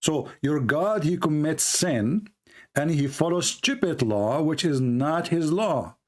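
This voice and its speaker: A man with an Arabic accent hosting a heated online debate, hoarse and coughing, pressing the same questions again and again. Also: on the high side, lively intonation, slow. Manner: insistent, repeats questions. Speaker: debate host.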